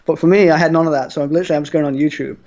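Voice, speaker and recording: A man's voice: a little high, fairly even intonation, very fast, darkish tone. A man guest on a podcast, chatting casually and rambling with lots of restarts. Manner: rambling, full of fillers and restarts. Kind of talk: casual chat. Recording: dull lo-fi sound.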